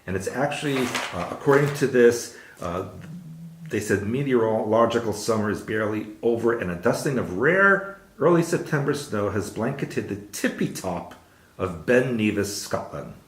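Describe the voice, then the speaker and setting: Host: man, lowish voice, lively swings in pitch, chatty and jokey, echoey room. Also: moderate pace. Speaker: show host. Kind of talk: casual news chat.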